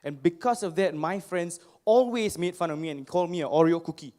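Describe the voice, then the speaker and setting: This high-voiced young man from Singapore is a motivational speaker addressing a live crowd from a stage, and he moves briskly. Animated and poking fun at himself, he recounts personal anecdotes and keeps quizzing his listeners.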